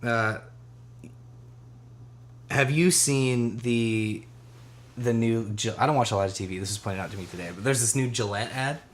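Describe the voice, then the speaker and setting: A man's voice: medium pitch, moderate pace, pauses often. Rambling, laughing young man. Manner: rambling, laughs often, swears, lots of fillers. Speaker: podcast co-host. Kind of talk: casual chat.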